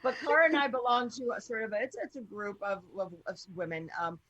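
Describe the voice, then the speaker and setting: A woman's voice: on the high side, lively intonation, fast talker, fairly bright tone, dry recording, muffled recording. A woman hosting a casual interview show, blunt and rambling, who swears freely. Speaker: radio show host.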